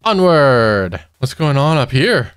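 A man's voice: mid-range voice, animated, takes it slowly, dry recording, studio quality. A young man giving casual let's-play commentary, nervous and giggly, talking to the monsters he meets. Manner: nervous, giggly, talks to mobs. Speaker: gaming youtuber.

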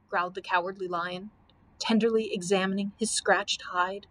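A woman librarian reading a children's book aloud, steady with small slips. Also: mid-range voice, moderate pace. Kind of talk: storybook read-aloud.

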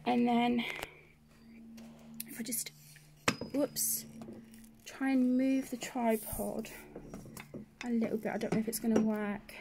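A woman's voice: on the high side, completely flat delivery, slow, gravelly, long pauses, noisy background. A grown woman chatting casually as she tours her home colouring area, rambling and self-deprecating. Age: adult. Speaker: colouring channel host. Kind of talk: casual room-tour chat.

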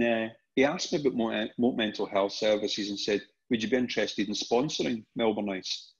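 Husky Scottish man telling stories. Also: fairly low pitch. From Scotland. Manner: animated anecdotes with frequent restarts and repeated words. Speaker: podcast guest. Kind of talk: casual storytelling. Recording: dull lo-fi podcast audio.

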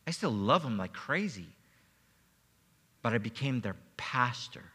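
A man preaches to his congregation, sharing a heartfelt personal story. His voice is bright and forceful, and he repeats words when moved. A long reverb from the church hall trails behind each phrase. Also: medium pitch, very animated, unhurried, slightly rough. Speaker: pastor. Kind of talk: sermon. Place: church sanctuary.

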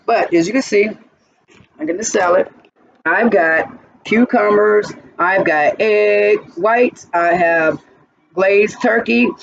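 Cooking in her own kitchen, a vlog host chats straight to her audience in a gravelly, medium-pitched voice. The audio is muffled, noisy, and far from the mic.

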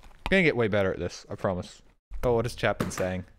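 A man's voice: on the low side, lively intonation, quick pace, fairly bright tone, a little hiss or hum. An Australian man streaming live, chatting casually with viewers, reading out chat and thanking subscribers in a rambling, joking way with plenty of swearing.

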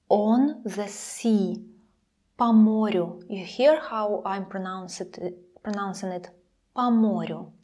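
A young woman with a Russian accent giving a pronunciation lesson, saying each example slowly twice and sometimes dropping to a whisper. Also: mid-range voice, darkish tone. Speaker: Russian language teacher.

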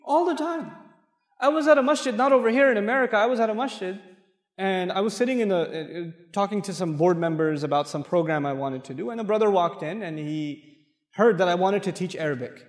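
In a big mosque hall, heard from far off with lots of echo, a middle-aged Islamic lecturer spins anecdotes and acts out conversations in a playful, animated talk. He has a high-pitched voice and talks fairly fast.

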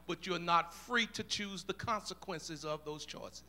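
High, bright-voiced preaching man. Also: measured pace, hardly any pauses. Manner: preaching, swells from quiet murmurs to shouts; repeats phrases in a chanting rhythm. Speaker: pastor. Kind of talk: sermon. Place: church room.

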